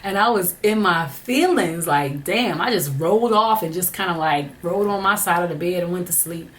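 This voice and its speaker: A woman's voice: on the low side, normal speed. A young woman telling a candid personal story in a chatty, frank way, full of "like" fillers and restarts. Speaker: vlogger.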